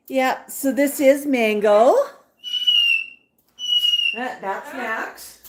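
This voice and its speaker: A woman's voice: high-pitched, extremely slow, pauses often. A woman hosting a livestream with her pet parrots, talking to them in sing-song baby talk and reading out viewer chat. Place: home room with parrots. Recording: roomy room with background noise and bird sounds.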